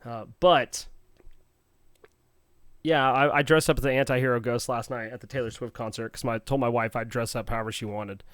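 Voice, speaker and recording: A man co-hosting a podcast, telling a story in a casual, animated, playful way and quoting other people in quick bursts. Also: medium pitch, clear, resonant tone, no echo, studio quality. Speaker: podcast co-host.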